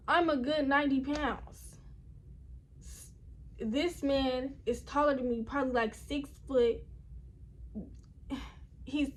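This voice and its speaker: High-voiced young woman rambling through a story. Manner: rambling, chatty, talks straight to viewers. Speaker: vlogger. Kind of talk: casual storytime. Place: indoors at home.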